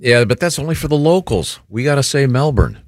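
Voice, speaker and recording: A man hosting a morning radio show, chatting wryly and halting with lots of uhs. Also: medium pitch, animated, no echo, studio quality. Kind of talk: casual morning radio banter.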